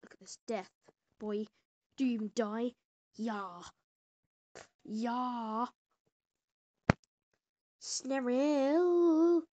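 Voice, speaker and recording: A woman giving casual gameplay commentary, excitable and prone to loud exclamations, with quiet muttered asides. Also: on the high side, takes it slowly, long pauses, dull audio, a little hiss or hum. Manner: excitable, bursts into exclamations and laughs. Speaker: gamer.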